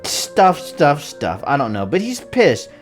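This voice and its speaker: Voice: medium pitch, huge pitch swings, takes it slowly, soft background music. A movie reviewer giving a casual, rambling recap full of jokes and frequent laughter. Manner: rambling and joking, laughs often. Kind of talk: casual spoiler-filled recap.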